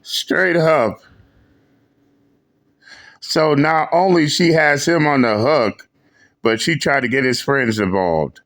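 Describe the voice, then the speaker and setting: A man's voice: mid-range voice, slow pace, pauses often, fairly bright tone. A man hosting a reaction show, commenting bluntly with frequent swearing and repeated phrases. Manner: blunt, profane, repeats himself. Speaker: show host reacting to clips.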